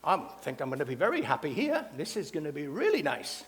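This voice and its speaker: A man's voice: a little high, huge pitch swings, fast talker, fairly bright tone. A man voicing a cheeky male parrot that used to live in a brothel, leering and pleased with himself. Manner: delighted, leering. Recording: long hall reverb.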